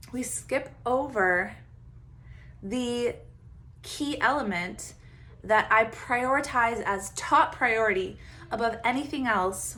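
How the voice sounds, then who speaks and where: A woman coach giving casual self-help advice, animated and quick to laugh as she acts out her own inner voice. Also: on the high side, a little hiss or hum. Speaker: Enneagram coach, podcast host.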